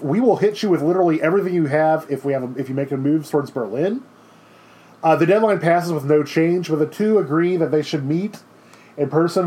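A young adult man giving a casual, chatty history lecture, full of fillers and playful quoted asides. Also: a little high. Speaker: history teacher.

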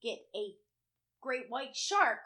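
A woman co-hosting a casual chat, telling an animated story with heavy swearing and acted-out quotes. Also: a little high, slow pace.

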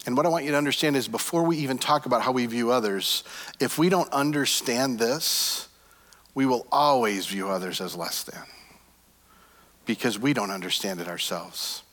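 A middle-aged male pastor giving a sermon and praying over his congregation, earnest, rising to emphatic points and then dropping to hushed, soft phrases. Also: mid-range voice, normal speed, long reverb tail. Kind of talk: sermon with prayer.

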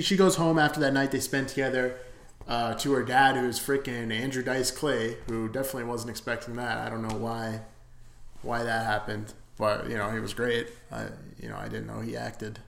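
A man's voice: mid-range voice, flat delivery, moderate pace, vocal fry, a bit bright, reverberant. A man giving a casual, rambling and profane movie review, full of enthusiasm.

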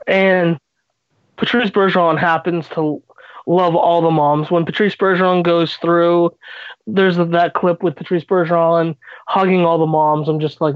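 A man co-hosting a casual fan podcast, playful and quick to agree. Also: a little high, level tone, no echo, lo-fi sound. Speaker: podcast co-host.

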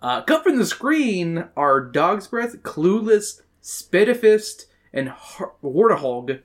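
A man's voice: sits high, sing-song, slow. A man co-hosting a podcast in casual chat, rambling with lots of fillers, restarts and casual swearing. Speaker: podcast co-host.

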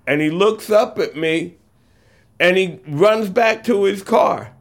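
A man's voice: high voice, gravelly. Reflective older man recalling a rescue. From California. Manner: halting, reflective, with pauses and fillers. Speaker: eyewitness storyteller. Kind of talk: personal story told in interview.

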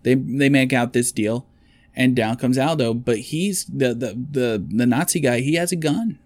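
A man's voice: mid-range voice, a little mellow, dry recording. A man chatting casually, retelling a movie plot in a rambling, storytelling way. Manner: rambling storyteller, quick quotes of characters.

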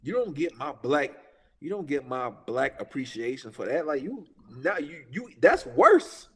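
A man's voice: mid-range voice, animated, moderate pace, breathy edge, in a large hall. Heated profane man in his thirties. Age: 30s. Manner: heated, profane, emphatic, repeats himself. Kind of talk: casual political rant.

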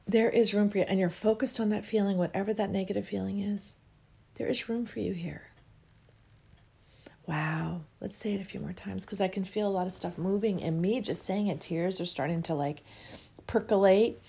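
A woman hosting a podcast and leading a guided emotional release, speaking soft repeated affirmations that drift into whispers while she is tearful. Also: medium pitch, creaky, husky. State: tearful, crying with a running nose. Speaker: podcast host.

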